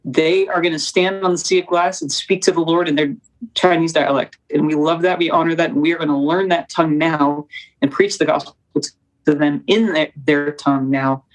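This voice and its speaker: A young woman, a documentary producer, talking as a guest in an interview, with fast, animated, preacherly storytelling. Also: deep voice, low-quality recording. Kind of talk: conversational interview.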